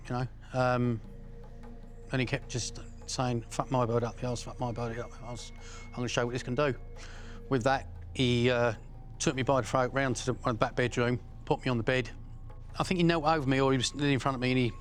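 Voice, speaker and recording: A middle-aged man with an Essex accent, bluntly recounting crime stories, swearing and restarting often. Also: mid-range voice. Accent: Essex English. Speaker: interviewee.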